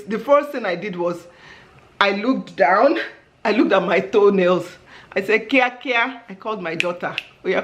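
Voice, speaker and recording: A middle-aged woman, telling a story in an animated way as a vlog host, laughing often and acting out her exclamations. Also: on the high side.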